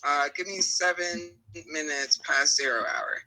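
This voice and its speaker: A slightly high-voiced man, playful. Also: unhurried, pushed and bright, poor audio. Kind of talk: casual group video chat.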